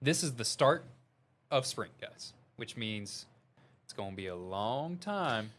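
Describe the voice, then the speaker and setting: A man's voice: mid-range voice, sing-song, slow, fairly bright tone. A young male meteorologist with a Southern Missouri accent, giving earnest, urgent live storm coverage and reading viewer updates. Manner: earnest, urgent warnings, reads viewer chat aloud. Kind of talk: live severe weather coverage.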